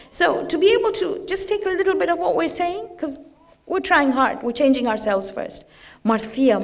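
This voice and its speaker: A woman speaking at a religious gathering, talking informally and often putting questions to the audience. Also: high voice. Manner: conversational, asks the audience questions.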